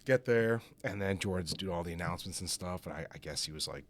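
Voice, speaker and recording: A man's voice: deep voice, a little fast, a little hiss or hum. A man guesting on a podcast, telling stories in a rambling, casual way full of fillers. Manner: rambling, filler-heavy storytelling with laughs. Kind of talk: casual chat.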